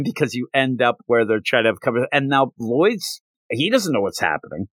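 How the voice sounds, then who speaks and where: Animated man rambling through a manga recap. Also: mid-range voice, moderate pace, dry recording. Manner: rambling, animated storytelling with fillers. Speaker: podcast host.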